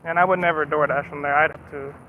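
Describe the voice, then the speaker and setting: The streamer, a man from the United States, has a voice on the high side with fairly even intonation and a quick pace. Background noise and slightly muffled audio accompany his profane rant in casual chat, which ends in an apology.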